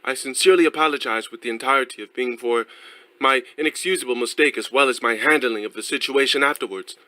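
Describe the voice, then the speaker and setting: A man's voice: mid-range voice, fast, pushed and bright, dry recording, natural voice, poor audio. A man putting on a botched fake English accent. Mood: pompous. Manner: stiff, stilted formal reading. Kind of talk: streamed read-aloud.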